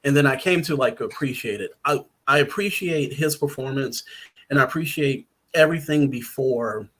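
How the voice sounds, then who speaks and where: A man's voice: mid-range voice, moderate pace, a bit bright. A man who is a writer and guest on a podcast, chatting casually, rambling with lots of ums and little laughs.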